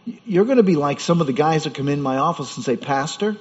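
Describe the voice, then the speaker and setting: A man's voice: fairly high pitch, expressive, fast talker, darkish tone. A man preaching a sermon as pastor, in a conversational way with rhetorical questions. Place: church. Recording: dull sound with hall reverb.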